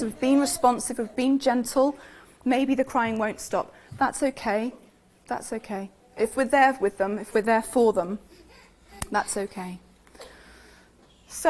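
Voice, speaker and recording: A woman's voice: fairly high pitch, a little hiss or hum. A woman with a British accent giving a live talk, chatty and full of questions to the audience. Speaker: speaker giving a talk on infant sleep.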